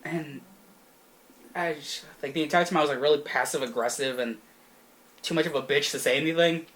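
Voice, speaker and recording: A man's voice: fairly high pitch, quick pace, a bit bright. A young man co-hosting a podcast, crudely telling a story in casual chat, laughing often. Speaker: podcast co-host.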